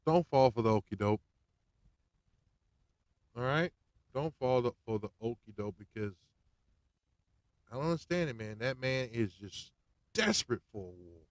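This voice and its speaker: Brief: male podcast host, slangy rant, mid pitch, dry close sound. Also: normal speed, pauses often, no echo. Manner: animated, slangy, swings between loud and hushed. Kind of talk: casual political rant.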